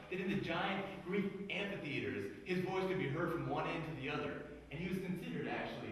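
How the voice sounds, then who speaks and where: A man giving a lively career day speech to schoolchildren, telling a story and quizzing them. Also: fairly high pitch, slight background noise. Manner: animated storyteller, quizzing the kids. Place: school hall. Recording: echoey hall, mic far off.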